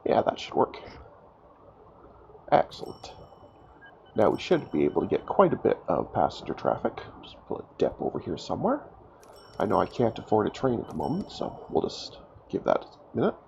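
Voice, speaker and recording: Stuffed-up gravelly man narrating gameplay. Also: fairly low pitch, wildly swooping pitch, moderate pace, pauses often, darkish tone, lo-fi sound, a little hiss or hum. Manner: chatty, self-mocking, thinking aloud. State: stuffed up from a cold. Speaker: gaming YouTuber. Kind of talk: casual let's-play commentary.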